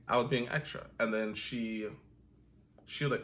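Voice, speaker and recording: A man's voice: mid-range voice, steady tone, moderate pace, fairly bright tone. A young man ranting animatedly about his retail job, sassy and profane. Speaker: vlogger. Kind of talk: comedic rant.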